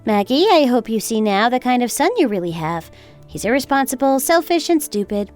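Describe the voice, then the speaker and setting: A woman's voice: fairly high pitch, sing-song, brisk, a little mellow, soft background music. A woman playing a coolly scheming young wife. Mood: coldly triumphant. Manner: sweetly polite yet cutting. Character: cool, calculating young wife getting even. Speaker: daughter-in-law.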